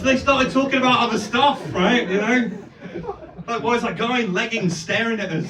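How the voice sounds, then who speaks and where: High-voiced comedian, echoey club. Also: male voice, normal speed, a loud crowd, heavy background noise. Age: 30s. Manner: animated, swearing, bursts into loud exclamations. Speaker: stand-up comedian. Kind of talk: stand-up set. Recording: echoey club heard from a distance. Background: audience laughter.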